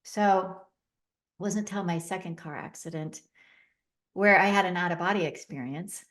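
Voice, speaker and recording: A woman's voice: lowish voice, a little slow, fairly bright tone. A middle-aged woman telling a personal story as a podcast guest, recounting events vividly and acting out the dialogue with emotion.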